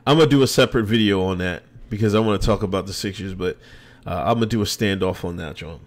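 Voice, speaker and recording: A man with a low voice talks fast while hosting a casual livestream podcast. He answers viewer comments with loose, joking, sarcastic asides and laughs often.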